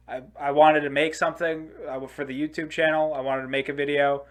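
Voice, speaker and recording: A man co-hosting a podcast, chatting casually and telling an animated, sweary story. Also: on the high side, a little fast, hardly any pauses. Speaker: podcast co-host. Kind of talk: casual chat.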